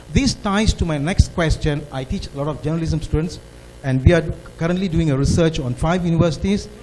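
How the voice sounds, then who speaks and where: A man with a Malaysian English accent stands at a forum microphone and pushes his questions with earnest emphasis. His voice sits a little higher than most men's. Faint room noise hums behind him. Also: mellow, rough recording. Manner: earnest, emphatic, rising to stress points. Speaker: audience member asking a question.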